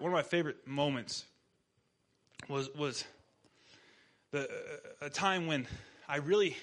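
A man preaching a sermon in a casual, animated storytelling manner as pastor. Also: sits high.

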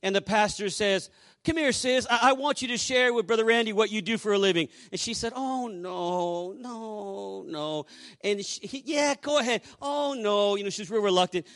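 A male pastor preaching and telling a story to a congregation, swinging between hushed asides and loud exclamations. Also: sits high, fairly quick. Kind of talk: sermon storytelling.

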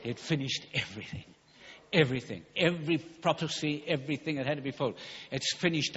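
A man preaching a fervent sermon, emphatic and hurried, stumbling over words at times. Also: on the high side, a bit bright. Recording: dull recording in a large hall.

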